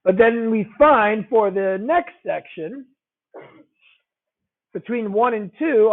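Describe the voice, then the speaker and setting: A man's voice: sits high, expressive, takes it slowly, pauses often. A man teaching a math lesson, talking conversationally, repeating key phrases and checking in with the class. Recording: tinny phone-like audio.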